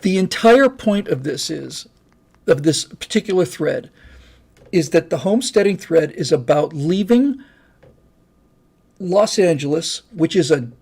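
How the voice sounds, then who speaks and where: A man's voice: high-pitched, animated, measured pace, vocal fry, long pauses, a little mellow, husky. An older man hosting a live stream, chatting casually and reading comments in a rambling, folksy way. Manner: rambling, folksy, restarts and asides.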